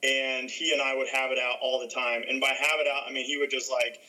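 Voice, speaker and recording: A young man, a guest, telling a childhood story in a lively, laughing way. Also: mid-range voice, brisk, poor audio. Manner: animated, laughing through the story. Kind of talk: casual storytelling.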